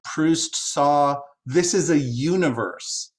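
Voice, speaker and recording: A man's voice: a little high, slow. A man speaking as a guest translator in a discussion, musing and hesitant, with many "like"s as he works through ideas. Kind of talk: discussion talk, thoughtful.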